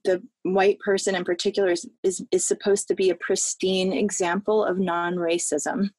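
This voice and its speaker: A woman's voice: on the low side, little pitch movement, a little mellow, dry recording. Heartfelt woman telling a personal story. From American South. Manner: heartfelt, halting, emotional. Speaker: guest. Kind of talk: personal storytelling in a podcast interview.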